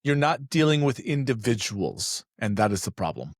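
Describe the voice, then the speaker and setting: A man chatting on a business podcast as an e-commerce expert, telling animated stories and acting out voices with joking asides. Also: medium pitch, moderate pace, dry recording, clean studio sound. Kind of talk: casual podcast conversation.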